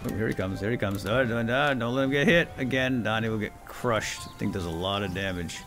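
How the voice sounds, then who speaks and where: A man hosting a gameplay video, muttering quietly to himself and then shouting with excitement. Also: on the low side, a little fast, over music. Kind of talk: excited let's-play commentary.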